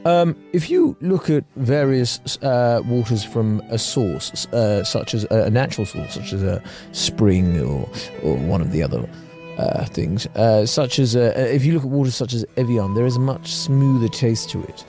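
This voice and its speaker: A man's voice: mid-range voice, expressive, moderate pace, mellow, faint music behind, pitched below the performer's own voice, natural voice. A man putting on a snooty water sommelier. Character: pompous male water sommelier, posh. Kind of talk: comedy podcast bit.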